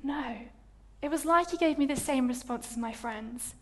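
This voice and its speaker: A young adult woman giving a personal testimony in a sermon, telling her story in an animated, self-mocking way. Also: high voice, brisk.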